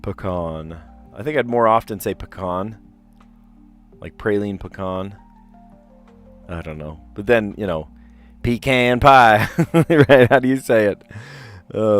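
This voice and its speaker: A man with a fairly low voice talks his way through word puzzles on a live stream, reading clues aloud and rambling between guesses. His delivery is relaxed and chatty, with faint music sitting behind him. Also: moderate pace, long pauses. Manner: chatty, rambling, reads clues aloud and muses over answers. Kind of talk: casual live-stream commentary, thinking aloud.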